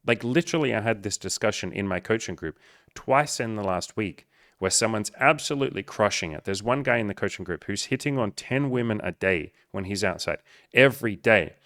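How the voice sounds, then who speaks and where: A man's voice: on the low side, expressive, fairly quick, a bit bright, dry recording, clean studio sound. A man who coaches on dating, talking bluntly and emphatically with lots of swearing as he answers a viewer.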